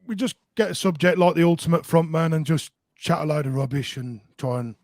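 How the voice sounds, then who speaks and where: A man with a West Midlands accent chatting casually as a podcast co-host, rambling and self-deprecating, tripping over and repeating his words. His voice sits a touch high, and the sound is dry and close with no room echo. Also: steady tone, a little fast, a little mellow. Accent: West Midlands English.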